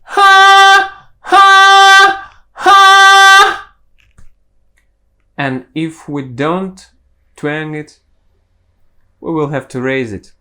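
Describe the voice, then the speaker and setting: A man's voice: a little high, takes it slowly, long pauses. A man teaching singing, explaining step by step with the odd self-correction. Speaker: vocal coach.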